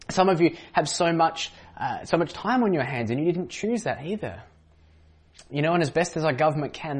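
A man's voice: on the high side, slightly rough. A man with an Australian accent, a senior pastor giving an online sermon in a conversational way, with fillers and restarts.

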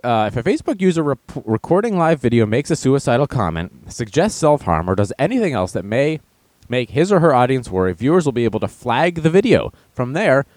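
A man's voice: medium pitch, a little mellow, no room sound. A man hosting a casual news show, reading stories aloud and mocking them with sarcastic asides. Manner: sarcastic, mocking with put-on voices; reads headlines then riffs on them. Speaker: show host.

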